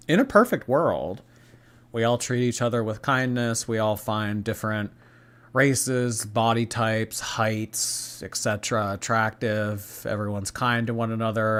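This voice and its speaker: A man hosting a live stream, commenting casually and reading out viewer messages in a rambling, chatty way. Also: on the low side.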